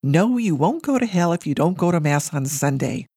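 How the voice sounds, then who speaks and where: A no-nonsense mother brushes off worries in a low, dismissive, matter-of-fact tone, read out by a woman narrator. The voice is deep for a woman and sits in a dry, close recording. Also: lively intonation, normal speed, warm tone, husky, no echo. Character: brisk, scornful, no-nonsense mother.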